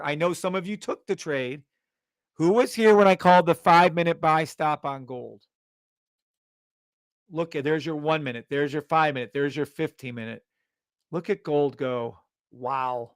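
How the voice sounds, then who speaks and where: Hyped, swearing live-stream trading host. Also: male voice, a little high, normal speed, smooth, no room sound. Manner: loud, hyped, profane, swings between shouting and muttering.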